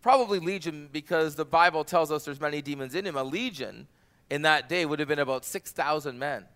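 Male pastor, sermon delivery, bright tense tone, animated. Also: on the high side, brisk. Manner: animated, rises loud for quoted cries.

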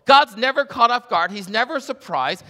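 Animated pastor in a echoing hall. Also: male voice, very high voice, normal speed. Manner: animated, acts out voices in his stories. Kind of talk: sermon. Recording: long hall reverb.

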